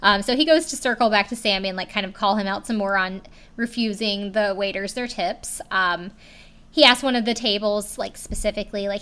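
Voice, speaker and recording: A young woman tells a story in a loose, chatty way, her voice bright and forward. She leans on "like" between phrases and swears casually as she goes. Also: mid-range voice, moderate pace. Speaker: video recapper.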